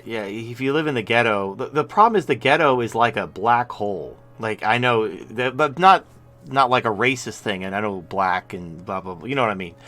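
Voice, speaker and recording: A man's voice: lowish voice, expressive, moderate pace, fairly bright tone, faint music behind. Blunt, rambling male stream host. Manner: rambling, blunt, with frequent restarts. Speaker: show host. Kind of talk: casual live-stream commentary.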